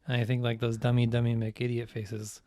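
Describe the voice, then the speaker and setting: A man co-hosting a casual movie podcast, joking and teasing as he talks, with lots of filler words. His voice sits at a mid pitch and sounds dry and close to the mic. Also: monotone, normal speed, mellow, no room sound. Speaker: podcast co-host. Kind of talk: casual chat.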